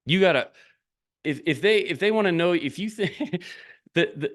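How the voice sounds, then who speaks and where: Animated man coaching straight to camera. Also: high voice, normal speed. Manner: animated, urging, asks many rhetorical questions. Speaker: business coach. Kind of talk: direct-to-camera coaching talk.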